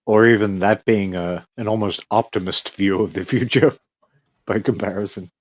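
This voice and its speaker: A man's voice: lowish voice, steady tone, moderate pace, no echo, lo-fi sound. A man co-hosting a podcast in casual chat, wry and joking, laughing often. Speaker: podcast co-host.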